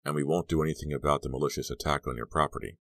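A man doing a calm, measured school principal. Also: extremely low pitch, gravelly, dry recording, heavily acted. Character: calm middle-aged male school principal.

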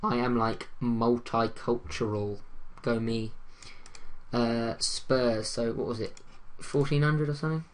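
Laid-back guy thinking out loud over a football game, slow talker, jokey. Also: medium pitch, fairly even intonation. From London. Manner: chatty, jokey, thinks aloud. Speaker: gaming YouTuber. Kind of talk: casual gameplay commentary.

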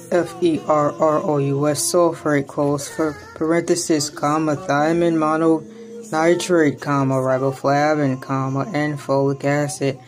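Brief: low-pitched woman, slow deadpan vlog reading of a label, music in the background. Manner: deadpan, reads punctuation aloud. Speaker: vlogger.

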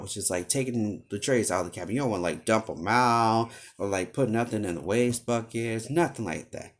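A man's voice: fairly low pitch, brisk, hardly any pauses. A young man telling a frustrated story about work in a rambling, casual way, full of filler words. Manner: exasperated, rambling, heavy use of filler words. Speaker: vlogger.

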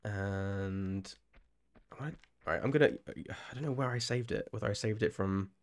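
English guy streaming a game live, chatty and rambly, fairly low voice, laughs a lot. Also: normal speed. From England. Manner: rambling and chatty, often restarting phrases and laughing. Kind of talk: casual live-stream commentary.

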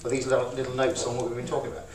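A man's voice: medium pitch, monotone, racing, a little mellow. Chatty man in an echoey room. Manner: chatty, joking, acting out emotions for the audience. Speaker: speaker giving a talk. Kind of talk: informal talk to a live audience. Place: small event room. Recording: echoey room, voice from far off, audible noise.

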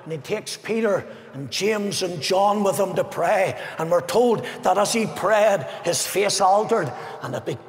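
A man preaching a fervent evangelistic sermon as pastor, swinging between ringing declamation and hushed, solemn passages in a large arena. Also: sits high, lively intonation, measured pace, few pauses. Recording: echoey arena with long reverb.

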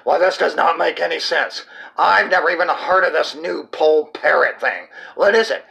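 A man voicing an excitable stuffed-animal puppet co-host who mocks and gets confused. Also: on the high side, normal speed, vocal fry, full character voice. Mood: mocking. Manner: bouncy, mocking, confused. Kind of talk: puppet comedy sketch.

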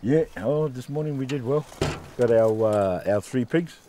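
A man who hunts pigs, chatting in a relaxed, unhurried way in the field. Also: mid-range voice, noisy background. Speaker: pig hunter. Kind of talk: casual chat in the field.

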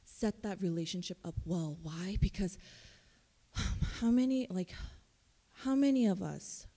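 Animated woman in a reverberant hall. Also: medium pitch, unhurried. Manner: animated and chatty, full of fillers like "like"; jumps into playful character voices for quoted texts. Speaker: college admissions counselor presenting at a conference session. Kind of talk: conference presentation. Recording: long reverb of a conference room.

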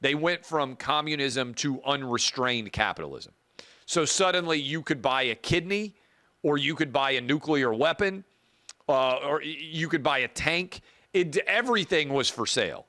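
A man's voice: a little high, animated, normal speed, bright, forceful tone, no echo. A middle-aged man hosting his own show, delivering a casual, opinionated commentary monologue off the cuff. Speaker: show host.

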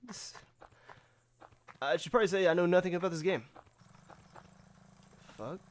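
A man's voice: high voice, normal speed. Cursing, rambling gamer guy. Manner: profane, rambling, laughs often. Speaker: let's play gamer. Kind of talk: casual gameplay commentary.

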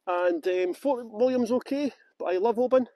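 Strolling town streets at night on a live stream, a middle-aged guide from Scotland greets viewers by name, laughs a lot, and speaks with a strong Scottish accent. His voice is very high yet dark in tone, at normal speed, with no room sound.

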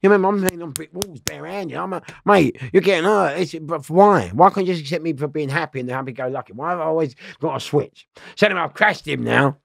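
A man's voice: on the high side, quick pace, gravelly, hardly any pauses, no echo, clean studio sound. A middle-aged man, telling rambling, slangy prison stories in a casual interview, swearing and laughing often.

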